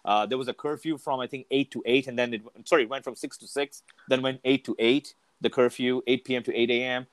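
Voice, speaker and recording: A man speaking as a podcast guest in a relaxed, candid chat. He swears without a second thought and keeps restarting his sentences as he tells a story. His voice sits mid-range and sounds close and dry. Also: medium pitch, fairly quick, few pauses, dry recording. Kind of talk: casual chat.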